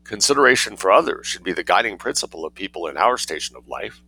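A man voicing a calm, dryly ironic artist in a storybook reading. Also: on the low side, fast, gravelly, husky, full character voice. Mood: deadpan. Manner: cool, deadpan, dryly ironic. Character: unruffled dry-witted male artist.

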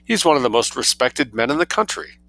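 A man voicing a flustered, stuffy middle-aged gentleman who splutters in indignant shock. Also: medium pitch, sing-song, fairly quick, vocal fry, dry recording, voice pushed up, exaggerated voice, rough recording.

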